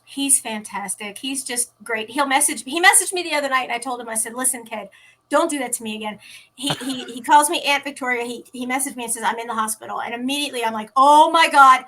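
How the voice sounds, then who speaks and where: A woman speaks as a guest in a relaxed interview, her voice bright and a little high. She tells stories with energy and slips into the voices of the people she quotes. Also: quick pace. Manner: animated, acts out quoted dialogue. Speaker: interview guest, teen podcast organizer. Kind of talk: casual interview storytelling. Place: at home.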